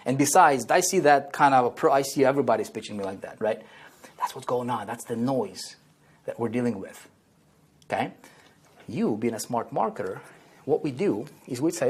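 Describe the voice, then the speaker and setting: A man leads a whiteboard lesson on marketing, his voice a touch husky and sitting at an ordinary pitch. He drives home each idea by repeating it. He keeps checking that the listener is following. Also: lively intonation, normal speed. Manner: constant check-ins like "okay?" and "right?"; repeats key phrases for emphasis. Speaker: online marketing trainer.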